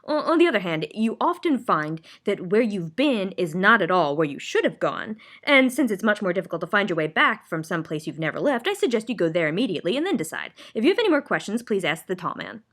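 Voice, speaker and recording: A proud, scatterbrained ordinary man, voiced by a woman reading a storybook. He bounces between bright exclaims and puzzled musing, his voice rising and falling a lot. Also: mid-range voice, big pitch swings, fast, hardly any pauses. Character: odd ordinary man, proud, forgetful, fussy.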